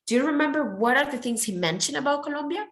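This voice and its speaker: A woman's voice: high-pitched, expressive, fast talker. Upbeat woman teaching English. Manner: encouraging, praises often, switches to Spanish. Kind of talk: online class teaching.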